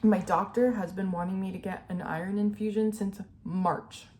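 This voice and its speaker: A woman's voice: medium pitch, fairly even intonation, normal speed, a little mellow. Earnest young woman vlogging candidly. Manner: earnest, emotional, filler-heavy with "like" and "you know". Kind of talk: candid personal vlog.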